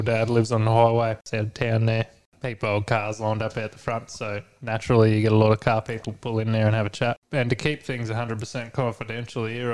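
A man's voice: fairly low pitch, darkish tone, smooth. A young Australian man telling a long, sweary story in casual chat and acting out the people he quotes. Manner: swears freely, acts out quoted voices in a laid-back drawl. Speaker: podcast co-host.

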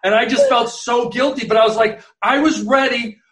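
High-voiced man telling rambling stories. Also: moderate pace, echoey room. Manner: animated, rambling anecdotes with many restarts. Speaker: guest sports columnist. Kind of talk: casual storytelling chat.

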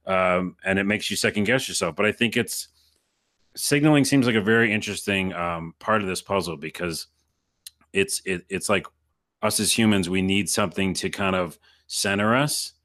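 Playful man, casual chat, crisp bright tone, lowish pitch. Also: normal speed. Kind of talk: casual conversation.

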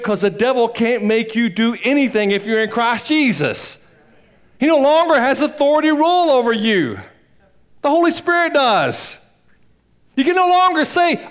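A male pastor preaching a sermon in church, swinging between loud emphatic peaks and low quiet asides, with a rambling, folksy delivery. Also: animated, moderate pace. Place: church sanctuary.

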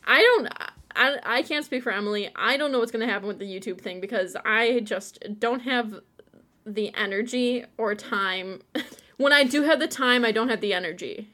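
A woman's voice: fairly high pitch, normal speed, sharp tone. Chatty, rambling woman podcast co-host. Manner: chatty, rambling, laughs a lot. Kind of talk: casual chat. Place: home.

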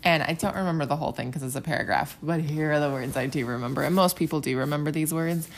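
Speaking fast in a low voice over slight background noise, a young woman chats animatedly about scripture. She performs the quotes as she goes, dropping into little whispers and gasps.

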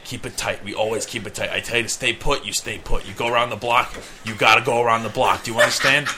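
A man's voice: mid-range voice, fairly even intonation, fast, pushed and bright, a little hiss or hum. A man doing a bossy New York mafia guy. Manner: bossy, commanding. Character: brash older male mafia type, bossy and boastful.

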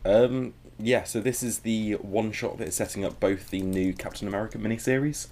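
Lower-voiced man, wry and teasing. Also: steady tone, fairly quick, darkish tone. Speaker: podcast co-host. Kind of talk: casual chat.

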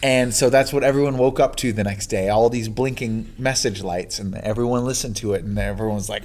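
A man hosting a casual chat, telling a story with animated energy and frequent laughter. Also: mid-range voice, brisk, hardly any pauses. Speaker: podcast host.

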